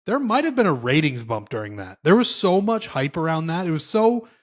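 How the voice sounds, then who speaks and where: Chatty man with a higher voice. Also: a little fast. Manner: animated storytelling, swearing, quotes himself. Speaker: podcast co-host. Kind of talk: casual chat.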